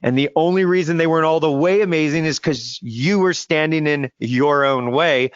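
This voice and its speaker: A man's voice: on the high side, moderate pace, few pauses, smooth, dry recording, muffled recording. A man co-hosting a podcast, speaking in earnest, emphatic bursts. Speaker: podcast co-host. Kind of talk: casual chat.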